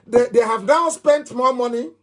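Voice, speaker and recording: A man's voice: very high voice, moderate pace. A middle-aged man with a Nigerian accent giving a live political broadcast, talking in an emphatic, repetitive way with mocking laughs. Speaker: movement leader giving a broadcast.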